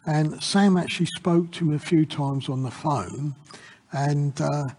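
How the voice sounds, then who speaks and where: A man giving an informal Bible reflection in an earnest, halting way. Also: a little high, a little mellow, long reverb tail, a little hiss or hum.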